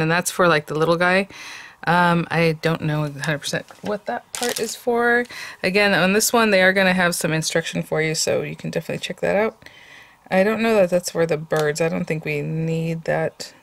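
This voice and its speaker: A woman's voice: fairly low pitch, normal speed, fairly bright tone. A woman hosting a casual papercraft tutorial, chatty and thinking aloud with many ums as she works. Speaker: papercraft channel host.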